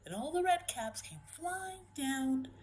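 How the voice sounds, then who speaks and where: Lively woman reading a picture book aloud. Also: sits high, takes it slowly, a little hiss or hum, rough recording. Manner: expressive, playful, drops to whispers. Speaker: storyteller.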